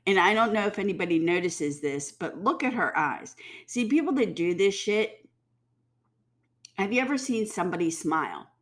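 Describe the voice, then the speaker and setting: A woman's voice: medium pitch, expressive, normal speed. A woman giving heated, blunt commentary, swearing freely and mimicking people mockingly. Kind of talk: ranting commentary.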